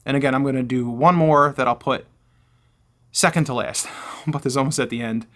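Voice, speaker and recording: A man's voice: mid-range voice, brisk, fairly bright tone. A man in his forties casually reviewing gear, rambling and correcting himself, recorded at a table in a room at home through a camera-mounted shotgun mic. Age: 40s. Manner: rambling, self-correcting, chatty.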